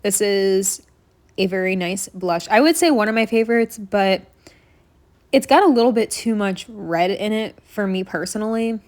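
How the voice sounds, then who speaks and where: A woman's voice: mid-range voice, moderate pace, darkish tone. A young woman talks through her makeup steps in a loose, rambling voice-over recorded at home. She fills gaps with "like" and "um", wanders into side stories, and sounds a little short of breath. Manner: chatty, rambling, frequent fillers and asides. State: slightly out of breath. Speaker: makeup vlogger. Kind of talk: casual voice-over tutorial. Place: home apartment room.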